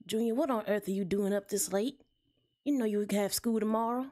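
A woman with a Southern accent voicing a weary, hardworking mother rabbit in a game, talking with a tired, soft drawl. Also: medium pitch, brisk, lightly acted. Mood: scolding. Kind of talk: game voice-acting.

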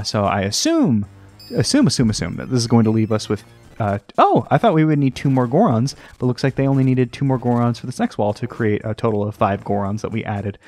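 Man, let's play host, rambling, self-mocking, sing-song outbursts, medium pitch, faint background music. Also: darkish tone. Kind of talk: casual gameplay commentary. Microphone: desk microphone.

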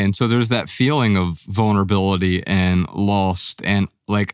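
A male podcast host with a lowish voice, reflecting aloud as he sets up a question for his guest. The sound is close and dry, with no room around it. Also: measured pace, few pauses, dry recording. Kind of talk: interview question.

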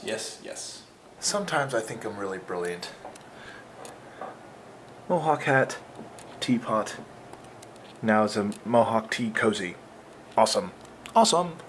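A young male vlogger with a lowish, slightly bright voice rambles casually through his day, chatty and self-mocking. Noisy ambience fills the background.

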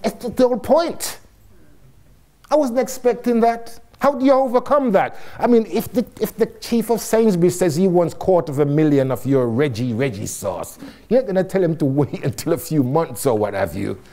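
A man from Jamaica telling his story to an audience, fairly high in pitch and swinging it widely. He sounds middle-aged, laughs often and drops the odd swear word. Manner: animated and laughing, with casual swearing. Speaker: guest speaker. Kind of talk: storytelling talk to a live audience.

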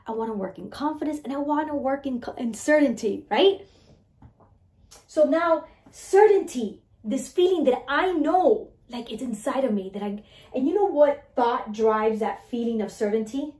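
A woman coaching her listeners on mindset, talking in an animated way and asking "right?" again and again. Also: high voice, moderate pace, reverberant. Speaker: mindset and weight-loss coach. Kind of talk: motivational talk to listeners.

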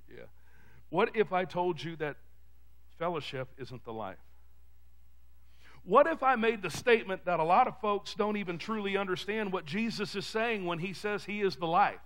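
Texan male pastor preaching in a church, high bright voice, builds to shouts. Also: expressive, normal speed, long pauses. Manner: preaching with call-and-response, rising to shouts. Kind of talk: sermon. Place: church sanctuary.

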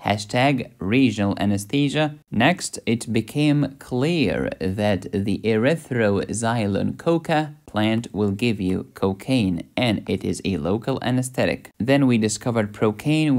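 A man's voice: lowish voice, darkish tone. Joking male medical lecturer. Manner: playful, punning, quick asides. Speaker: medical educator and channel host.

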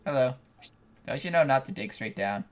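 A man's voice: fairly high pitch, expressive, fast talker, a bit bright, slight background noise. A man hosting a co-op gameplay video, chatting casually and laughing often. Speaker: let's play host.

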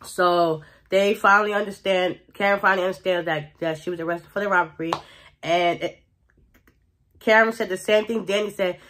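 A woman's voice: medium pitch, normal speed, fairly bright tone. A woman talks through a TV episode recap like she's catching up a friend, chatty and gossipy. Her voice sits in an ordinary middle range, and she keeps dropping in "like" and little laughs as she retells the drama. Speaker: show recap vlogger. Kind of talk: casual show recap.

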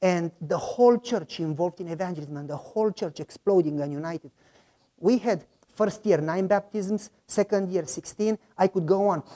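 A man's voice: high-pitched, moderate pace. A male pastor preaching a testimony sermon, telling stories with loose, slightly broken grammar. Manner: lively storyteller who acts out the people in his stories.

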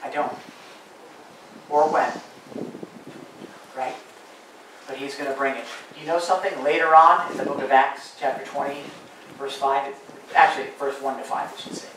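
A man preaching a sermon as pastor, pleading earnestly with his congregation, then dropping to quiet asides. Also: mid-range voice, steady tone, moderate pace, long pauses. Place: church sanctuary. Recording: very echoey room, voice from far off, audible noise.

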